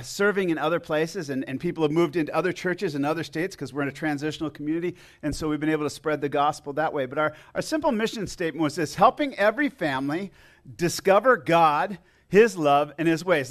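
Male pastor, fairly high voice, chatty joking sermon delivery. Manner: chatty, joking, halting restarts. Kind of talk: casual sermon with congregation. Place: church sanctuary.

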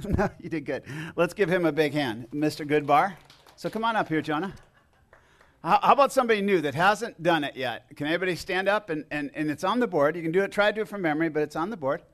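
Chatty pastor, man with raised pitch. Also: lively intonation, a bit bright. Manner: chatty, joking, halting restarts. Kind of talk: casual sermon with congregation. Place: church sanctuary.

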